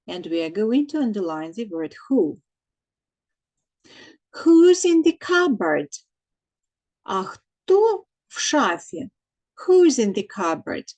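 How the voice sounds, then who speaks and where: Woman teaching English to kids, very unhurried, dictates and repeats answers, mid-height voice. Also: mid-range voice, darkish tone, low-quality recording. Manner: slow and repetitive, dictating answers, translating into Ukrainian. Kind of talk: recorded English lesson for children.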